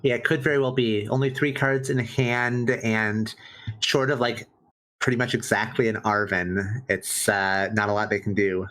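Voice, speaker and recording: A man's voice: fairly low pitch, steady tone, normal speed, fairly bright tone. A man from Orlando calling a card game live in an upbeat, methodical play-by-play, fighting off a cough. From Orlando, Florida, USA. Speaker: tournament commentator. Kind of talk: casual live game commentary.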